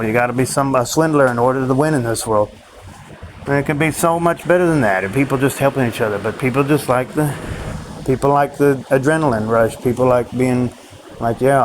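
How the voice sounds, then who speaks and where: A man's voice: mid-range voice, poor audio. A man ranting in a rambling vlog monologue, frustrated and swearing often, with faint vehicle noise behind him. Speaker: vlogger.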